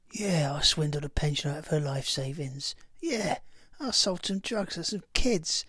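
A gravelly, husky cockney geezer, put on by a middle-aged man in a comic vlog, boasting and cheeky. The voice is rough and breathy with a dry, close sound from a bedroom. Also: a little high, a bit bright, dry recording, heavily acted. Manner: boastful, cheeky, swaggering delivery. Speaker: comedy vlogger. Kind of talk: comic monologue in a put-on character voice.

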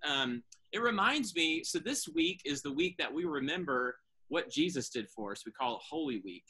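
A man leading a children's chapel talk, chatting gently with a puppet and telling a story. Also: on the high side. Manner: gentle, animated, talks to a child. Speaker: school chapel leader.

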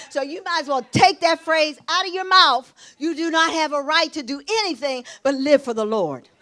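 A middle-aged woman pastor preaching a sermon, telling a personal testimony, dropping to hushed tones and rising to exclamations. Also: sits high. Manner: emotional testimony, shifting between hushed and exclaiming.

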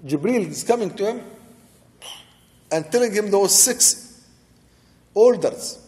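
Warm-voiced man preaching in a reverberant hall. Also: high-pitched, expressive, slow pace. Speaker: sheikh teaching Quran commentary. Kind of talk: religious lecture explaining verses.

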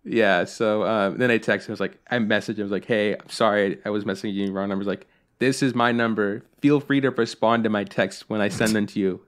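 A young man co-hosting a podcast, telling a story in a casual, animated way, swearing and acting out what people said. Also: on the low side, fast talker. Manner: animated, swears a lot, acts out quotes. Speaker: podcast co-host.

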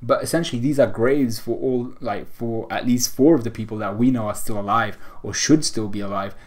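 A man's voice: mid-range voice, brisk. A young man casually recapping a comic chapter, rambling with fillers and restarts. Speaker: manga reviewer.

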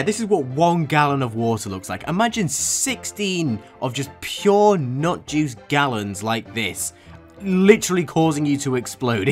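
A man's voice: medium pitch, a bit bright. A young man hosting a comedic reaction video, incredulous and sarcastic, breaking into laughter often. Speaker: YouTube reaction host.

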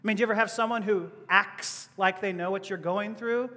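A man's voice: high-pitched, steady tone, fairly quick, bright, forceful tone. A man preaching a sermon as pastor, conversational, with rhetorical questions and laughing asides. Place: church hall. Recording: long hall reverb.

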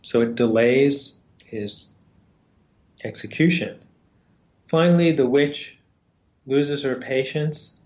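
A man retelling a fairy tale for a lesson, speaking in a slow, halting way with pauses and fillers. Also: mid-range voice, a little mellow. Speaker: storyteller and teacher. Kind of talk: storytelling in a lesson. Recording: roomy, slightly dull sound.

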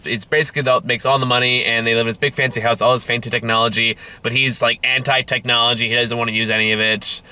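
A man co-hosting a casual movie review chat, animated and quick to laugh. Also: medium pitch, clean tone. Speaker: podcast co-host.

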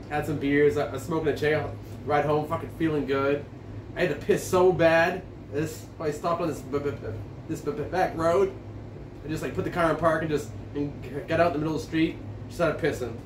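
A man rambles through a long story, tripping over his words and swearing freely as he reviews a beer. His voice sits a bit higher than most men's. It sounds distant from the mic, in a roomy, echoing space. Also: noisy background. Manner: rambling, stammering, profane storytelling. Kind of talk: casual rambling vlog. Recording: echoey room, distant from mic.

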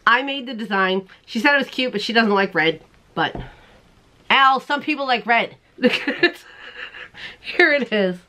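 A woman hosting a crochet show, chatting casually to the camera in a bubbly way, laughing often and putting on silly squeaky voices. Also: expressive, measured pace, long pauses, bright, forceful tone. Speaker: crochet podcast host.

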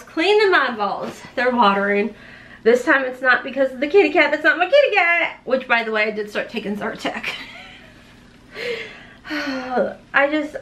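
Woman beauty vlogger, high bright voice, rambling heartfelt chat, folksy. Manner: folksy, with playful slang. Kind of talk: casual chat while doing makeup.

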